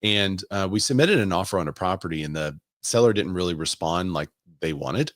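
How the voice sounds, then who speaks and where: A man's voice: sits low, animated, brisk, dry recording, studio quality. A man who works as a real estate agent, hosting a casual live stream and thinking aloud as he asks viewers for their opinions.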